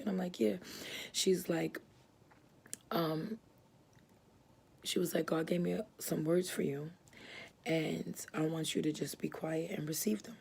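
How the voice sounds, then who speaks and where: Gravelly, husky woman giving testimony. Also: deep voice, fairly even intonation, measured pace, long pauses, a little mellow. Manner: earnest, rambling, many fillers and restarts; moved and emotional as she tells it. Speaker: church member giving testimony. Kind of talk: personal religious testimony.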